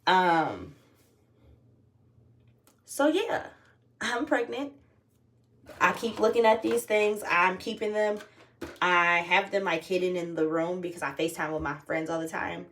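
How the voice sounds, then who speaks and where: A woman's voice: fairly low pitch, steady tone, normal speed, fairly bright tone, recorded from a distance, slight background noise. A young woman talking casually and candidly to her phone camera at home, swearing freely as she tells a personal story. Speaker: vlogger.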